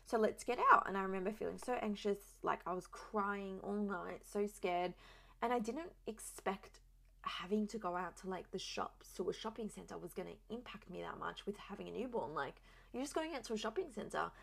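A young adult woman who is a new mother tells her own story candidly and chattily, with lots of "like" fillers. Her voice is mid-range and gravelly, at a moderate pace.

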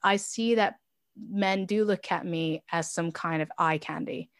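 A woman of Chinese heritage, a business founder appearing as an interview guest, speaks candidly and reflectively about her personal experiences. She talks a little slowly in a fairly low pitch, with many fillers and restarts.

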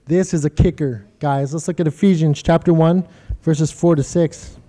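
A middle-aged man with a high voice preaches to his congregation. He tells stories with animation and keeps asking them questions. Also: moderate pace. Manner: animated storytelling, quoting others in funny voices, talks directly to the congregation. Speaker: pastor. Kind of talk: sermon.

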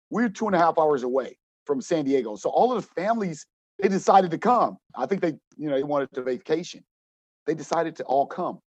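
A man who coaches, telling a story in an interview with animated acted-out quotes and frequent restarts. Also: a little high, no room sound, dull audio.

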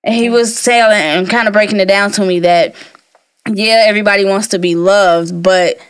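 A woman's voice: mid-range voice, normal speed, clean tone. A woman in her thirties co-hosting a podcast, chatting casually and bluntly, cursing freely as she tells stories. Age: 30s. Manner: blunt, profane, animated storytelling. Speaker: podcast co-host. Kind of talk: casual chat.

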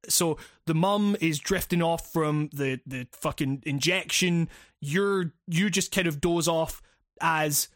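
A man's voice: a little high, fairly bright tone, dry recording, studio quality. A man recapping a video game plot in casual chat, rambling and swearing, with many fillers and restarts.

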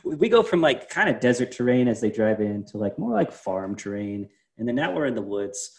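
Man, medium pitch, podcast co-host, easygoing, casual movie chat, laughs a lot. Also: very animated, a little fast, gravelly. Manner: easygoing, laughs often, many fillers.

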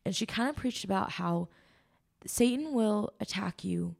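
A woman's voice: mid-range voice, lively intonation, unhurried, vocal fry, a little mellow. A woman guest on a podcast, telling an earnest, emotional faith testimony with lots of ums and likes. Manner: rambling, with many ums and likes.

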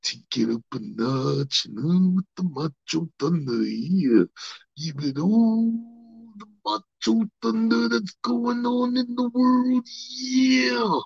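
Man doing a gravelly pro-wrestler promo voice, husky and swaggering, dry lo-fi podcast sound. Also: sits high, dry recording, soft background music, pitched above the performer's own voice, heavily acted. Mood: hyped. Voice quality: gravelly growl. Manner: drawn-out boasts ending in rasped "yeah". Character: swaggering male wrestling star, growling catchphrases.

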